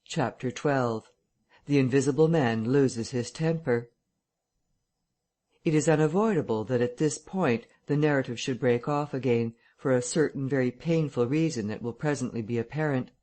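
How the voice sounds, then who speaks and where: A man reading a classic novel aloud as an audiobook narrator, in a measured, even manner. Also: medium pitch. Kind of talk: scripted narration.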